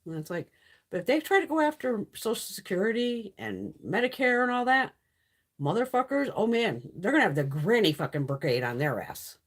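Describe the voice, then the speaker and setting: A woman's voice: medium pitch, sing-song, a little fast. A woman hosting a casual live stream chat, ranting with frequent swearing and laughing often. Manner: profane, ranting, exasperated.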